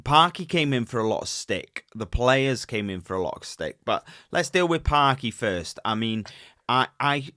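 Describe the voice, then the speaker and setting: A man co-hosting a casual football podcast, talking in halting runs, repeating words and filling pauses. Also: mid-range voice, sing-song, bright, forceful tone, dry recording, clean studio sound. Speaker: podcast co-host.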